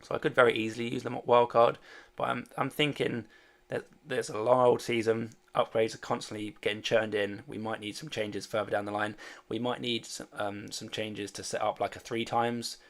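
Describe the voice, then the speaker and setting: Male streamer, deep and gravelly; loose, hesitant, filler-heavy chat with viewers. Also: little pitch movement, moderate pace, fairly bright tone. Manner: rambling and hesitant, many fillers; reads and answers viewer chat. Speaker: fantasy sports streamer. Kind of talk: casual livestream chat.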